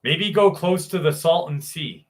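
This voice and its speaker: A man's voice: a little high, a little slow. A man hosting a live show, reading a viewer's story aloud and then chatting loosely with his live chat, joking and swearing freely. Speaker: show host.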